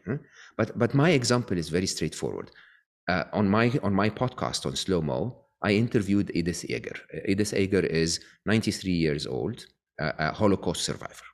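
A deep, animated male voice at normal speed belongs to an author being interviewed. He sets out his views with many restarts and frequent checks of "okay?"

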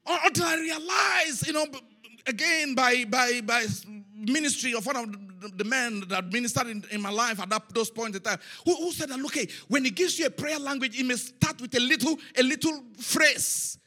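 A man preaching a sermon, telling a story with lively repetition and chanted syllables. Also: very high-pitched, moderate pace. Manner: animated storytelling, repeats phrases, chants syllables.

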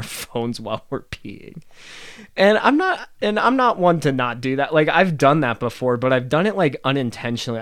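A young man hosts a casual solo podcast, rambling along, swearing freely, and laughing at his own stories. His voice sits in the mid-range, captured in clean studio sound with no echo.

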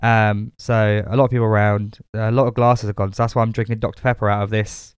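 A man in his twenties, co-hosting a podcast in casual, animated banter and swearing freely. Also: on the low side, quick pace, clean tone, no echo, clean studio sound. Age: 20s. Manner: animated, swearing, laughs often. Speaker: podcast co-host.

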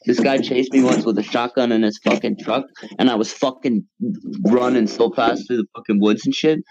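A man's voice: mid-range voice, steady tone, normal speed, a little mellow, no room sound. Profane, rambling man on lo-fi voice chat. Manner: profane, rambling storyteller, talks over others. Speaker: guest telling a story. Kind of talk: casual group voice chat. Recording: dull, lo-fi mic.

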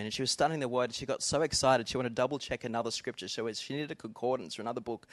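A man's voice: medium pitch, no room sound. A middle-aged man preaching a sermon in an earnest, conversational way, talking directly to the congregation. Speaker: pastor.

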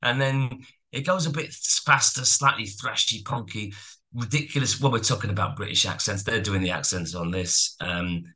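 Man with a very bright, tense voice. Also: lowish voice, moderate pace. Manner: rambling, animated storyteller. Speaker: podcast co-host. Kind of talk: casual chat about music.

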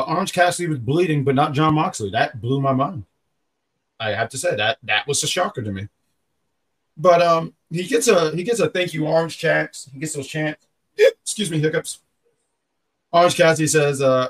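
A man's voice: fairly high pitch, normal speed, fairly bright tone. A man hosting a podcast in casual, rambling chat, often stopping to correct himself. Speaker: podcast host.

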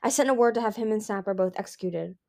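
A woman's voice: medium pitch, quick pace, gravelly, darkish tone, close to an everyday voice. Woman reading as a dragon queen, cold, fierce, determined, storybook reading. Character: grief-stricken fierce female sea dragon queen.

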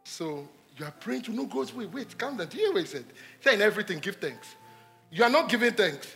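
High, bright-voiced preacher. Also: male voice, sing-song, quick pace, vocal fry, soft background music. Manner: emphatic, repetitive, swings between loud exhortation and hushed asides. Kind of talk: sermon.

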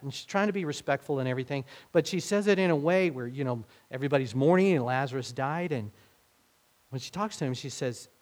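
This pastor has a fairly high-pitched, darkish voice. He preaches his sermon conversationally, acting out quoted speech with rising emphasis.

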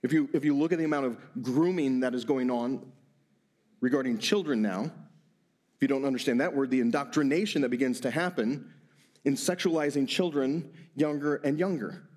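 A middle-aged pastor delivers a sermon in a medium-pitched voice, animated and stumbling over repeated words in quick bursts.

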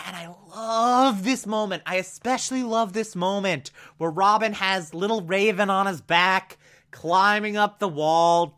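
A man's voice: a little high, bright, forceful tone. A man giving casual review commentary on a cartoon episode, gushing and enthusiastic, with frequent "uh" fillers.

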